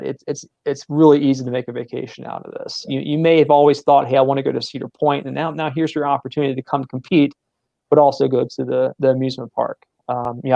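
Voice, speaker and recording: A man's voice: medium pitch, creaky, darkish tone, no room sound, highs cut off. A man with a Southern American accent, a sports center manager explaining his venue at length in an interview, with many fillers and repeated words.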